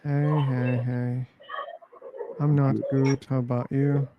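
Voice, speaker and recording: A man's voice: medium pitch, level tone, slow pace, lo-fi sound, background noise. A man hosting an online voice-chat room, rambling casually, laughing and swearing as he tells stories.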